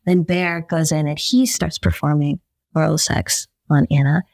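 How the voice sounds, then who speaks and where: A woman journalist, a podcast guest, telling a story in a lively way and acting out the quotes. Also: deep voice, measured pace, vocal fry, dry recording. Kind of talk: conversational storytelling.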